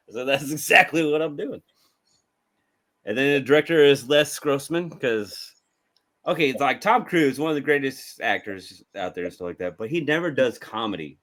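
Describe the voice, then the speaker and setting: Dude cohosting a movie podcast, cracks jokes, laughs a lot, drops f-bombs, mid pitched. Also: male voice, expressive, moderate pace, a bit bright. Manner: jokey, laughs often, swears casually. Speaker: podcast co-host. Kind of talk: casual movie podcast chat.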